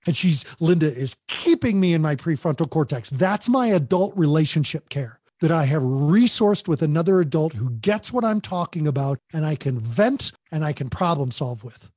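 A middle-aged man hosting a parenting podcast, talking in an animated way, often repeating words as he goes. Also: fairly high pitch, normal speed, hardly any pauses, husky, no room sound, studio quality. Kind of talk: conversational podcast talk.

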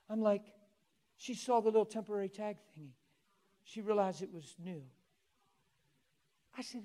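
A male preacher telling a story in a sermon, swinging from soft coaxing to loud exclaiming. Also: sits high, normal speed, long pauses.

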